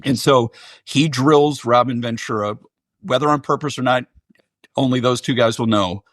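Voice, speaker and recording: A man's voice: medium pitch, moderate pace, a bit bright, no echo. A middle-aged man as a podcast guest, speaking earnestly and reflectively with frequent restarts. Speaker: guest, baseball general manager. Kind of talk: podcast interview.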